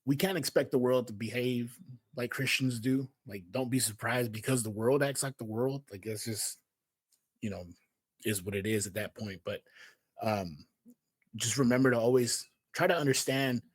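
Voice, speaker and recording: A man from Houston, Texas hosts a casual Bible message in a mid-range, husky voice at normal speed. He talks in a slangy, conversational way, filling space with "man," "yo," and "you know what I mean." The recording is dry.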